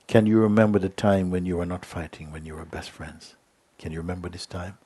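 A man giving a spiritual talk, telling a story in an unhurried way with many hesitations. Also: low-pitched, flat delivery, mellow, slightly rough. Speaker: spiritual teacher.

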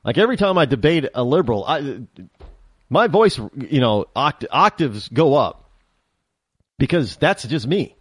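A man hosting a political talk show, giving an animated opinion monologue and often repeating and restarting his words. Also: medium pitch, measured pace, breathy edge, no echo, studio quality.

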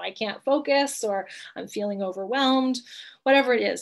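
A woman's voice: mid-range voice, steady tone, unhurried, creaky. A woman in her thirties teaching a live online class on handling emotions, chatty and reassuring, laughing often and checking in with "right?". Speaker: coach teaching emotional wellbeing.

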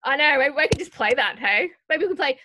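An Australian woman, a researcher being interviewed, chatting in a casual, self-mocking way and quick to laugh. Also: high voice, animated, noisy background. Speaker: guest education researcher.

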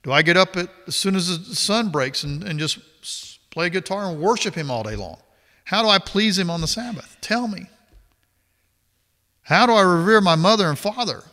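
A man in his fifties preaching a sermon, reading scripture aloud and then commenting in a lower, confessional tone. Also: lively intonation, moderate pace, bright, forceful tone. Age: 50s. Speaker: pastor. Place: church sanctuary. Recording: long hall reverb.

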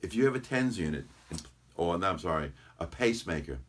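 Deep husky-voiced man telling stories. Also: a little fast. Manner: animated anecdotes, quotes patients in voices. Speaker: chiropractor guest. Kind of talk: casual interview storytelling.

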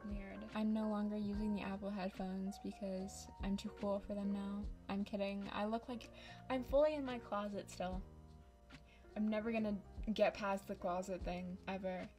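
A woman's voice: medium pitch, level tone, moderate pace, mellow, faint music behind. A woman giving casual, dramatic and sarcastic commentary over a game, close on a desk microphone. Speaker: YouTuber.

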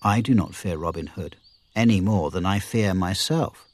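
A man's voice: deep voice, normal speed, a little mellow, dry recording, voice pushed down. A man voicing a confident, playful male outlaw leader in a storybook reading. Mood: calm.

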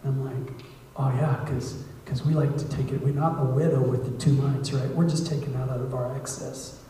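A man preaching as a guest missionary in a church sermon, conversational, acting out prayers and dialogue, moving from hushed asides to loud appeals. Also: mid-range voice, level tone, normal speed, a little hiss or hum. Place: church sanctuary. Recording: echoey church hall, mic at a distance.

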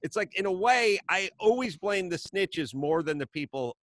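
A man's voice: high voice, lively intonation, normal speed, a bit bright, no echo. A man hosting a podcast in casual chat, blunt and opinionated with an offhand delivery. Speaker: podcast host.

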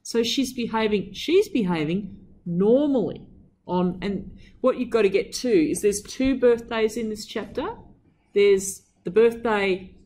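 A woman's voice: unhurried, warm tone, a little hiss or hum. A woman teacher reading from a novel and analysing it with enthusiasm, putting questions to her students. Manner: enthusiastic, with wide swings of pitch and emphasis. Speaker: English teacher. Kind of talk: reading aloud and literary analysis.

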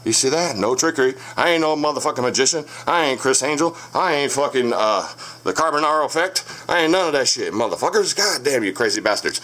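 A man's voice: mid-range voice, expressive, quick pace, a bit bright. Profane, combative man talking to the camera. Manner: profane, combative, addresses commenters directly. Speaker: channel host showing haunted dolls. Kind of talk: casual vlog monologue. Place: home room with dolls and crib. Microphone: camera on a stand.

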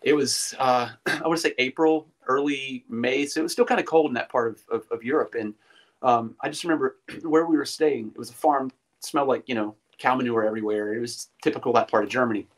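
A man's voice: mid-range voice, a little fast. A man guest on a podcast, casually telling a rambling ghost story with many fillers and restarts.

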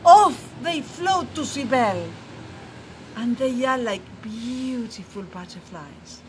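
Slow, lively woman reading a children's story. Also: fairly high pitch, noisy background. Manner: slow, expressive storytelling with hushed tender passages. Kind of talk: children's story read-aloud.

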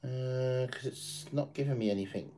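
A man's voice: mid-range voice, moderate pace, warm tone, a little hiss or hum. A man hosting a casual livestream, chatting to viewers, reading out their comments and laughing often. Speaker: livestream host. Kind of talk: casual chat to stream viewers.

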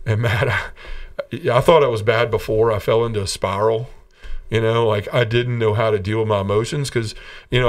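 A podcast guest from Tennessee shares his personal story in an interview, earnest and emotional. His voice is lowish and smooth, picked up by a distant mic.

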